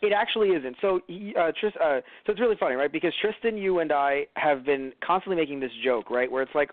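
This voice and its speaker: A man's voice: on the high side, animated, fast talker, hardly any pauses, no room sound, narrow, tinny audio. An American man co-hosting a podcast in casual chat, rambling with lots of fillers and restarts. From United States. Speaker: podcast co-host.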